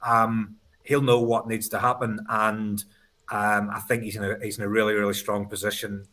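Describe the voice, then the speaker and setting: A man's voice: fairly low pitch, little pitch movement, normal speed, sharp tone. A man talking football on a podcast, thoughtful and hesitant, often restarting his sentences. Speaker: podcast guest. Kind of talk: casual football podcast chat.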